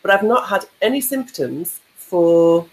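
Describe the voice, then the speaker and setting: A woman's voice: medium pitch, expressive, measured pace, a little mellow, rough recording. Candid woman co-hosting a chat. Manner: candid, personal, laughs easily. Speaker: co-host. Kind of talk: casual live chat.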